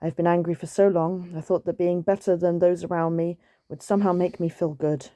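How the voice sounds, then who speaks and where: A woman voicing a great male tiger who speaks low and reflectively. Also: flat delivery, a little fast, mellow, no echo, studio quality, close to an everyday voice. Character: huge male tiger, fierce turned softened.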